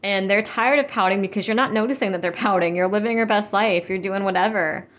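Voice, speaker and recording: A woman's voice: mid-range voice, brisk. A woman doing a casual spiritual reading for viewers, rambling and reassuring, full of "like" and "you know". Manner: reassuring, speaks directly to viewers. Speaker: tarot and spirit-guide reader.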